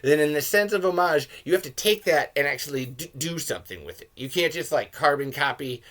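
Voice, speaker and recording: Rambling, bright-voiced man reviewing a film. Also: on the high side, brisk. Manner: rambling, animated, swears, bursts into shouting jokes. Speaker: podcast host reviewing a film. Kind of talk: casual film commentary.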